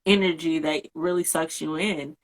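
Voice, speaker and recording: A woman co-hosting a podcast in a relaxed, supportive way, often backing others up with a quick yeah. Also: deep voice. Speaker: podcast co-host. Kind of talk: casual podcast chat.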